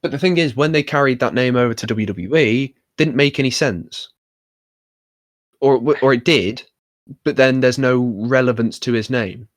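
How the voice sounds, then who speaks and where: A young man hosts a casual podcast about wrestling, rambling wryly and filling his talk with fillers. His voice is medium-pitched at a moderate pace, with no echo.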